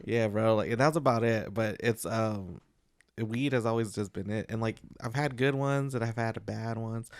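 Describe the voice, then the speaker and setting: A man co-hosting a podcast, telling stories in a slangy, animated way and swearing a lot. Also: fairly low pitch, moderate pace, clean tone, dry recording. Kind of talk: casual chat, storytelling.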